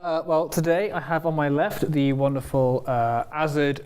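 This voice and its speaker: A man's voice: a little high, fairly even intonation, normal speed, darkish tone, smooth. Flustered, laughing man, a team captain. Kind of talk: casual banter on a comedy show.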